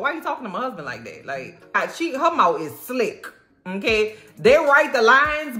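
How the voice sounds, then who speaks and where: A woman giving a comedic, profane movie recap, animated and acting out the characters. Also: fairly high pitch. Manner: animated and profane, acts out characters, frequent laughter. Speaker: movie reaction vlogger.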